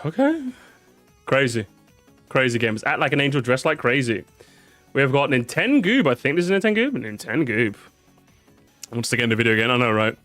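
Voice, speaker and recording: A man's voice: medium pitch, big pitch swings, moderate pace, long pauses, a bit bright, dry recording, soft background music. A tired man chatting casually on a live stream, repeating words, swearing and reacting to his chat.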